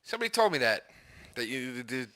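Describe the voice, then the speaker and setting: A man's voice: medium pitch, fairly quick. A man co-hosting a casual comedy podcast, telling stories and acting out the lines of others. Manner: animated storyteller, acts out quoted dialogue. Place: apartment.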